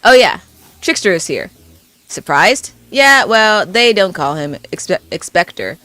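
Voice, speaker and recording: A woman's voice: mid-range voice, sing-song, unhurried, pushed and bright. A woman voicing a flamboyant, flirtatious male pop-idol killer in a game video. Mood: flirty. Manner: showy, flirtatious.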